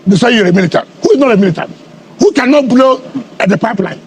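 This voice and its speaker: Man, middle-aged, high-pitched, combative, rhetorical, repetitive, heated interview. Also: lively intonation, fast, a little hiss or hum. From Nigeria. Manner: combative, rhetorical questions, repeats himself. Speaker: politician being interviewed.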